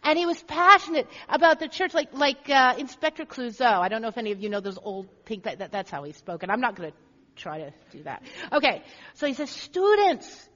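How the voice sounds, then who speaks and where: Earnest lady pastor giving a sermon, pretty high voice, dull muffled recording. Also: animated, fairly quick, sharp tone. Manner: earnest, repeats phrases for emphasis. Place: church sanctuary. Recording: echoey hall, dull lo-fi sound.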